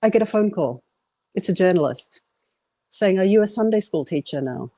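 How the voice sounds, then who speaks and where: A woman's voice: mid-range voice, animated, normal speed, mellow, no echo. A middle-aged woman, sharing her personal faith testimony in an earnest, candid way.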